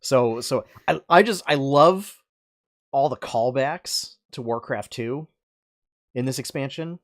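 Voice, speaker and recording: A man's voice: mid-range voice, takes it slowly. A man co-hosting a podcast, chatting casually about video games with many fillers and restarts. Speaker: podcast co-host.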